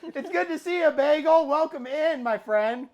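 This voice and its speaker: A woman's voice: sits high, animated, moderate pace, darkish tone, dull audio. Woman cooking host, playful, narrates each step, light music under. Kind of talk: casual cooking stream chat.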